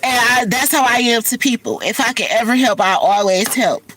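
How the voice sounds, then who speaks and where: Teary and sniffly from crying, a woman hosts an emotional, casual livestream, speaking candidly and calling her viewers y'all. Her voice is fairly high and brisk, with noise in the background.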